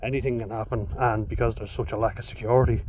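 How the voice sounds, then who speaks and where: A man's voice: medium pitch, fast. An Irish man talking in a rambling, casual monologue, swearing freely and going off on chatty asides. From Ireland. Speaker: vlogger. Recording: dull lo-fi audio with steady noise.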